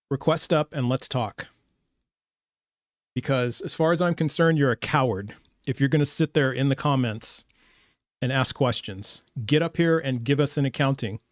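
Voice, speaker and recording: A man's voice: mid-range voice, no echo, studio quality. A man hosting a live debate stream, ranting emphatically and confrontationally and swearing at his audience. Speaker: livestream debate host. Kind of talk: heated live debate rant.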